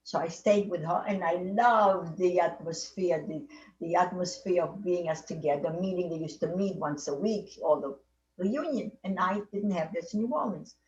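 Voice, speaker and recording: A woman's voice: on the low side, normal speed. A woman in her eighties with a foreign accent, telling her life story in a meandering, repetitive way, circling back and restarting her sentences. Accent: foreign accent in English. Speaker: Holocaust survivor interviewee. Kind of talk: oral history storytelling. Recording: dull, echoey, distant audio.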